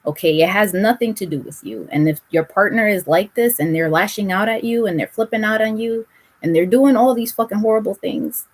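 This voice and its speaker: Woman, tarot reader, husky voice, blunt direct advice, casual swearing. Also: mid-range voice, fairly quick. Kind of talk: casual spiritual reading.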